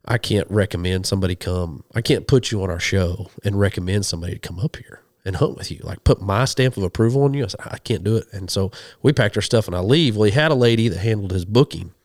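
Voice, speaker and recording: This is a man with a fairly low voice, telling stories on a podcast. He talks casually and with energy, and he acts out the lines of the people he quotes. The sound is dry and close. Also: quick pace, hardly any pauses, darkish tone, no echo. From western Oklahoma. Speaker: guest, hunting show host and minister. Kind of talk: casual storytelling.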